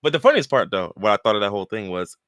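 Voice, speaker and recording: Low-voiced man on a dry mic. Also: very fast, no room sound. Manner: animated, reads out posts in mocking voices, laughs often. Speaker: podcast co-host. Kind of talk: casual chat.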